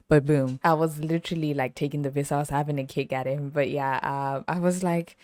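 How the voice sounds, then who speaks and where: A sassy woman podcast host with a fairly low voice, telling stories in a lively, animated way and laughing often. The sound is dry and close, with no room echo. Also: a little fast, few pauses. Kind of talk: casual storytelling monologue.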